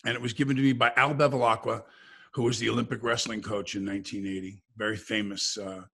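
Gravelly low-ish guy, kinda husky, telling a long story all animated. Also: fast talker. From United States. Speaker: guest. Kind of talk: casual conversation.

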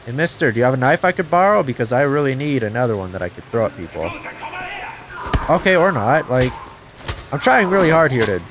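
A man giving casual let's-play commentary, excitable, talking to himself and swearing, with sudden yelps of surprise. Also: medium pitch, fairly quick, slight background noise. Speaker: gameplay commentator.

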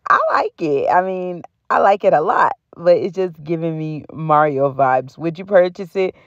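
An American woman who vlogs about beauty and home goods chats casually and slangily to the camera about deals and her life. Her deep voice moves at normal speed, with no echo and a dry, slightly muffled sound.

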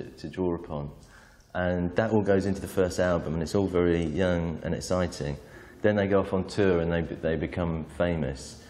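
A man giving measured, reflective commentary in an interview, with hesitations. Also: deep voice, darkish tone. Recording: reverberant room.

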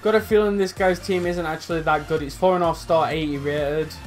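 A young man commentating his own football video game, swearing, swinging between loud outbursts and low muttering. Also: fairly even intonation, a little fast, soft background music. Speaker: gaming YouTuber. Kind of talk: live gameplay commentary.

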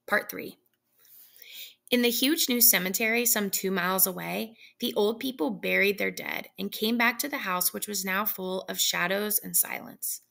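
A woman reading a classic short story aloud in a measured storytelling manner. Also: medium pitch, creaky, pushed and bright. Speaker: reader.

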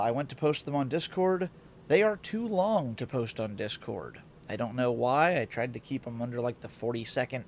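Brief: man streaming games at home, groggy congested morning voice, rambling and chuckly, mid-pitched, slight hiss behind. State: sleepy morning voice, congested sinuses. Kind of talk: casual game-stream chat. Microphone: desk mic.

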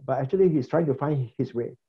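A male pastor teaching a class on preaching in an animated lecture style, acting out different preaching habits and chuckling now and then. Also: medium pitch, quick pace, breathy edge, dull audio.

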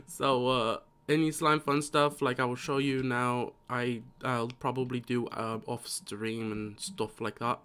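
A man chats his way through a live gameplay stream, tired and slow-paced, with a middling pitch. He rambles and mutters to himself between thoughts, as if there is no rush to get anywhere. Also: fairly bright tone, smooth.

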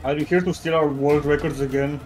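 Playful higher-voiced man on chat. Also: steady tone, a little fast, roomy sound, over music, low-quality recording. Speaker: friend on voice chat. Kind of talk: casual gaming banter.

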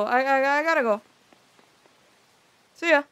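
A woman's voice: on the high side, moderate pace, a bit bright. A young woman streaming a game, joking and teasing the characters in casual commentary. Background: game music.

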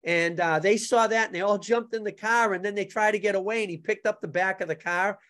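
A man's voice: high voice, steady tone, brisk, a bit bright. A man who is a martial arts instructor and guest on a podcast, telling joking stories in casual chat and struggling to pronounce his R sounds. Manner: joking, anecdotal.

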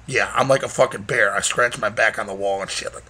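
A man's voice: medium pitch, animated, a little fast, few pauses, fairly bright tone. A young man vlogging casually, rambling and joking with heavy profanity. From Michigan, USA. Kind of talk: casual vlog rant.

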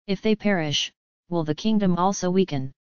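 A woman's voice: fairly low pitch, moderate pace, a little mellow, clean tone, dry recording, close to an everyday voice. A woman voicing an ailing old emperor and worried father in an audiobook, speaking in a grave, solemn way. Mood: weary. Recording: slightly dull lo-fi audio.

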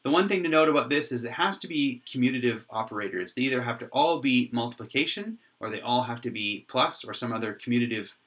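A man giving a whiteboard tutorial on how his software works, thinking aloud with frequent restarts and pauses. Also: medium pitch, lively intonation. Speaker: software developer explaining his code. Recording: voice from a distance off the mic.

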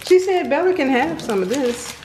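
A woman's voice: sits high, animated, moderate pace, a little mellow. A woman filming a casual home vlog, chatting playfully with her kids and dog. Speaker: vlogger. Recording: echoey room with faint noise.

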